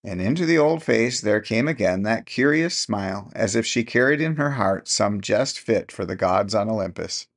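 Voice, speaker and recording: A male narrator reads a classic short story in a measured, unhurried storytelling manner. His voice sits low and has a gravelly, fry-touched texture. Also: animated. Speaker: audiobook narrator. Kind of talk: scripted narration.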